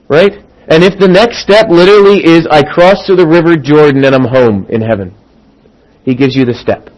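A middle-aged man preaching a sermon as a pastor, acting out quoted voices and swinging from loud emphasis to hushed asides. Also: a little high, moderate pace, poor audio.

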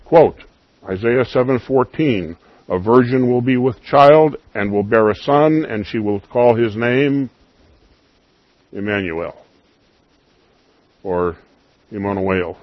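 A man preaching a sermon, emphatic, rising loud on key lines and dropping to soft asides. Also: mid-range voice, unhurried, no room sound, highs cut off.

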